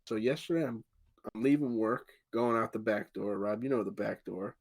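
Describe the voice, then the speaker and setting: A man's voice: on the low side, normal speed. A man telling a long injury story on a podcast, swearing freely and acting out what people said. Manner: animated, profane, acts out quotes. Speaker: podcast co-host. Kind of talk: casual storytelling chat.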